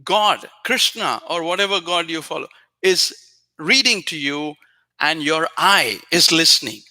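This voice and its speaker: A man hosting a spiritual show, giving an earnest, repetitive teaching talk addressed straight to a viewer, now and then softly chanting phrases. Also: fairly high pitch, animated, a little slow.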